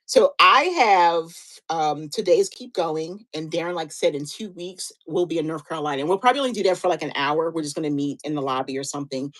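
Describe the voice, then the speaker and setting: Woman, 50s, lowish pitch, chatty motivational live-stream co-host, encouraging. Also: a little fast, fairly bright tone, rough recording. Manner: chatty, encouraging, restarts often.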